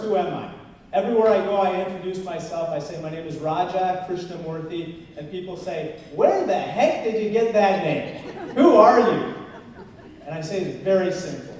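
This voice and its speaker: A man's voice: high-pitched, a little mellow. Man giving a speech in an echoey hall. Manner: earnest, with jokes and rising emphasis. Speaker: congressional candidate. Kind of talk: campaign speech. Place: large banquet hall. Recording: echoey hall from far off, faint noise.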